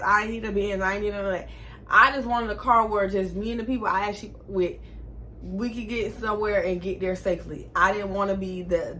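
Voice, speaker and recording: Bright-voiced young woman telling a story. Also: medium pitch, slight background noise. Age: 20s. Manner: animated, chatty, swears freely. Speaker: vlogger. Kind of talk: casual storytime.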